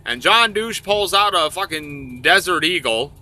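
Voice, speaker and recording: A man's voice: fairly high pitch, animated, measured pace, bright, forceful tone. A man telling a crude comic story, rambling and profane.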